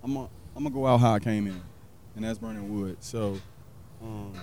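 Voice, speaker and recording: Mellow, low-voiced man telling stories. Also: steady tone, a little fast, slight background noise. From South Carolina. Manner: rambling, many fillers, acts out quoted people. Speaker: pitmaster and restaurant owner. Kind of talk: casual interview storytelling.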